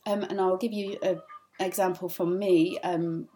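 A woman's voice: on the low side, fairly even intonation, normal speed, dark tone, a little hiss or hum. Earnest woman giving a church talk. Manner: earnest, conversational, many filler ums. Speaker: church speaker. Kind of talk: informal teaching talk.

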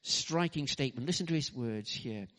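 A man preaching a sermon as pastor, animated, acting out quoted lines, with frequent restarts and asides. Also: mid-range voice, normal speed.

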